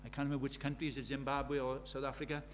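A man's voice: mid-range voice, level tone, very fast, a little hiss or hum. A British man preaching a sermon, telling stories with emphasis and repeating key phrases.

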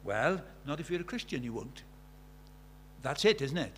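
A man preaching a sermon, animated and rhetorical, asking the congregation questions and acting out the voices he quotes. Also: mid-range voice, moderate pace, a little hiss or hum.

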